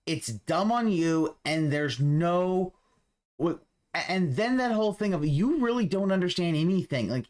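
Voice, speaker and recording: A man's voice: high-pitched, very animated, a little slow, a little mellow. A man commentating over a stream, mocking the streamer in a profane, sarcastic rant.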